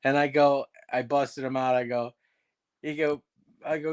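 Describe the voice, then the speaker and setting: A man in a mid-range voice rambles through a show-business anecdote. He trails off into fillers and slips into quick voices for the people in his story. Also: mid-range voice, fairly even intonation, clear, resonant tone. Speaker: guest impressionist. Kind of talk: casual chat, storytelling.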